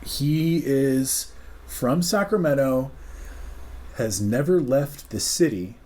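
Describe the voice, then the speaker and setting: A man's voice: mid-range voice, expressive, slow pace, dark tone. A man from Oregon telling a story in a casual, rambling, profane way, full of "like" and "dude". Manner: rambling, profane, laid-back, many "like"s and "dude"s. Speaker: podcast co-host.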